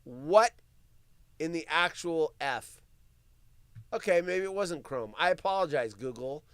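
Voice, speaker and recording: Stream host, slow-talking, profane rants, laughs while reading news, dry close sound. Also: medium pitch, lively intonation, clean tone, dry recording. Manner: profane ranting and mocking asides. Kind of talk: solo live-stream commentary.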